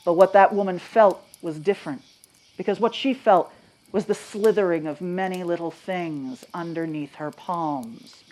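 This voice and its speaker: A woman from Maine telling ghost stories live to an audience, dropping to a hush and then rising loud and animated, asking the crowd questions. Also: on the low side, unhurried. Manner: dramatic, swings from hushed to loud and animated. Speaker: storyteller.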